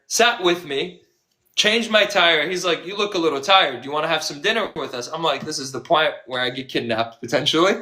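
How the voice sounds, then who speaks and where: A man's voice: high voice, sharp tone. A man speaking as an activist, telling stories with sarcasm and acting out the voices of people he quotes. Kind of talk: impassioned conversational storytelling.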